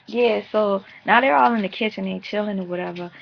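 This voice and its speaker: Brief: sassy, profane woman vlogger, gravelly fry in her voice, lo-fi home recording. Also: medium pitch, a little fast, slight background noise. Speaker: vlogger reviewing a reality show. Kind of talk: casual recap rant.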